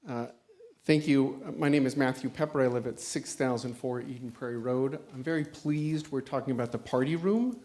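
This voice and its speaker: A man's voice: mid-range voice, normal speed, mellow. A man resident giving detailed, explanatory public comment at a council meeting through a handheld microphone.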